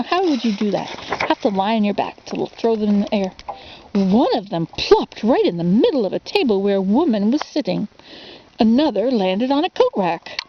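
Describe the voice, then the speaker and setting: A woman's voice: on the high side, dull audio, a little hiss or hum. A woman casually reading a children's storybook for ASMR, rambling into asides and asking the listener questions.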